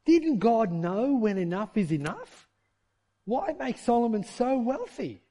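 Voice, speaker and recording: A man preaching a sermon in a conversational, animated style, full of rhetorical questions and shifts of pace. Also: extremely high pitch, measured pace. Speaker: pastor.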